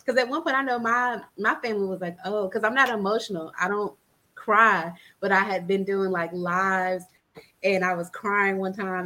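A woman from Atlanta, a fitness trainer, talks as a guest on a podcast. She speaks in an animated, conversational way and laughs easily. Her voice sits at a middle pitch. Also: normal speed. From Atlanta, Georgia, US. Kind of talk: casual interview chat.

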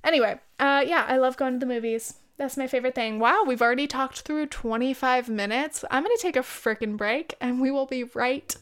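A woman's voice: sits high, a little fast, hardly any pauses, clear, resonant tone. A woman in her twenties hosting a podcast, chatting candidly and rambling with lots of likes and ums. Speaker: podcast host. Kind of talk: casual solo chat.

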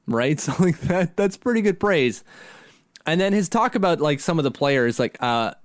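A man's voice: fairly high pitch, expressive, moderate pace, no echo, studio quality. A man co-hosting a sports podcast in casual chat, rambling with many restarts. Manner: rambling, frequent restarts and laughs. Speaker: podcast co-host.

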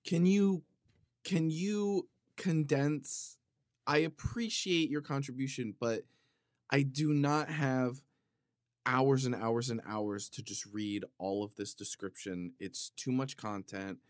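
A man of Italian heritage reads viewer comments in a casual comedic monologue, playfully indignant and swinging between loud outbursts and low muttering. He speaks slowly, and the recording is studio quality with no echo.

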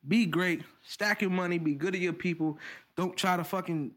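High-voiced man ranting on a podcast. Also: normal speed, fairly bright tone. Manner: profane, blunt ranting. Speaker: podcast co-host. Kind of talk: casual podcast chat.

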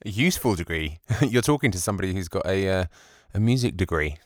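A man hosting an interview, asking questions in a relaxed way, hedging with fillers and making wry asides. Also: low-pitched, quick pace. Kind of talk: conversational interview.

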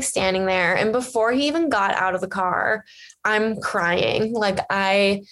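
A woman's voice: medium pitch, a bit bright. A young woman vlogger telling a story to her viewers in a chatty, gushing way, full of fillers. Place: lives in Los Angeles area.

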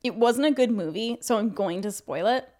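A woman's voice: fairly high pitch, animated, moderate pace, warm tone. A young woman from Canada co-hosting a podcast, talking casually with lots of filler words and frequent swearing. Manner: chatty, swears freely, many filler likes. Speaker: podcast co-host. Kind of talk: casual chat.

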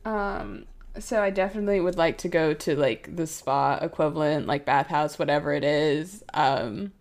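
Low-voiced American woman gamer. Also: normal speed, a little mellow. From United States. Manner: casual, offhand, jokey. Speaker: player. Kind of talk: casual tabletop play.

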